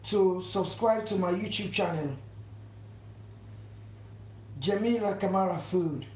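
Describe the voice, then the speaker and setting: A woman with a medium-pitched, warm voice takes it slowly while hosting a live cooking stream from her home kitchen. She talks effusively, repeats herself, and keeps urging viewers to subscribe. The room is echoey, with faint household noise in the background.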